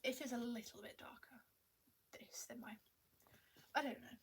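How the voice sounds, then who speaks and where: A young woman with a fairly high voice speaks at normal speed in a steady tone. In a rambling home vlog recorded on a tablet camera, she's chatty and self-mocking, a little breathless, and half-whispers often.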